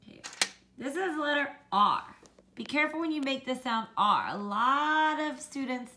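A woman teaching a children's phonics lesson, slowly modelling letter sounds and encouraging the kids to copy her. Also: mid-range voice, bright, forceful tone, a little hiss or hum.

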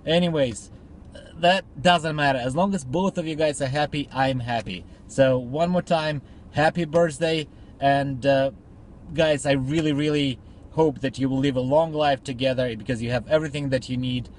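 A man's voice: medium pitch, normal speed, a little hiss or hum. A man recording a birthday video message for a friend, joking crudely with heavy swearing before turning sentimental.

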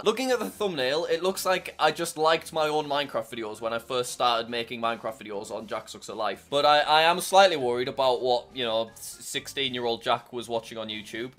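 A man's voice: fairly high pitch, fairly bright tone. A young man in his twenties, a YouTuber chatting casually and laughing at himself while browsing his old channel. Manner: chatty, self-mocking, laughs often. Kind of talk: casual vlog commentary.

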